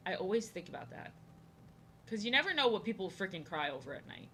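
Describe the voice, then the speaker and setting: Young woman streamer, bright clear voice, rambling casual chat, faint background hiss. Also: mid-range voice, big pitch swings, fast. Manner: rambling, chatty, reacting to chat. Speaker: art streamer. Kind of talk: casual chat while drawing.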